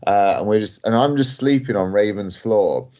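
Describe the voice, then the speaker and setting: A man's voice: on the low side, expressive, normal speed, a little mellow. A young man, a wrestler, telling a story on a podcast in a rambling way, full of fillers and laughs. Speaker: guest wrestler. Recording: dull lo-fi audio.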